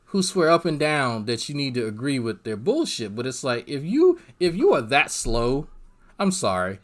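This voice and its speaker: A man's voice: mid-range voice, fairly bright tone. A man giving livestream drama commentary, ranting in a profane, rambling and sarcastic way, with lots of restarts and fillers. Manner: exasperated, sarcastic.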